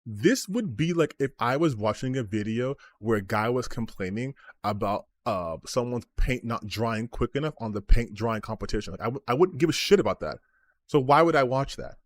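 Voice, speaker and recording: A man's voice: mid-range voice, animated, normal speed, no room sound. A man streaming as a gaming commentator, ranting about online comments with sarcasm, exasperation and frequent swearing.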